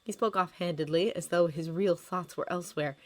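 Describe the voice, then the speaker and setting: A woman reading a fanfiction story aloud, with measured, expressive narration. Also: lowish voice. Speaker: fanfiction reader.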